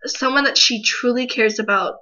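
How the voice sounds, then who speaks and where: Excitable swearing woman with a bright voice. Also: a little high, moderate pace. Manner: emotional, excitable, swears freely. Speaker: manga reviewer. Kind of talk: casual video review. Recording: dull lo-fi recording.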